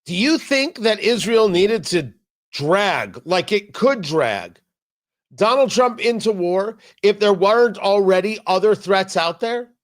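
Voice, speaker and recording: A man's voice: high voice, lively intonation, measured pace. A man hosting a political talk show, delivering an emphatic, sarcastic commentary monologue full of jokey asides. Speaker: radio talk show host.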